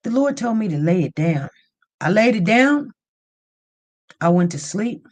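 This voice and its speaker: A woman tells a story on her livestream in a casual, chatty way. Her delivery is animated, and it climbs to loud near-shouts when she gets worked up. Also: mid-range voice, unhurried. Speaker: livestream host.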